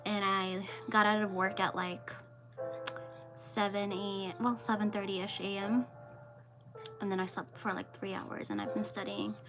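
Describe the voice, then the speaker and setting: A young woman chatting casually on a home livestream, rambling with lots of fillers. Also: mid-range voice. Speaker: streamer. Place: home room with dogs.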